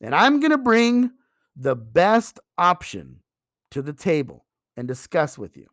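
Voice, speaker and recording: A man giving a sales training talk, emphatic and animated, acting out pitches to customers. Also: a little slow, no echo, clean studio sound.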